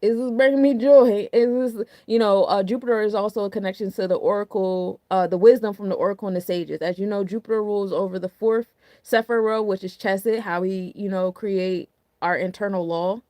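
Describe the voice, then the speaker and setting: A woman's voice: lowish voice, darkish tone, no echo, studio quality. A woman hosting a casual astrology talk, chatty and full of rhetorical questions, often asking "you know what I'm saying". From New Jersey. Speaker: astrology podcast host.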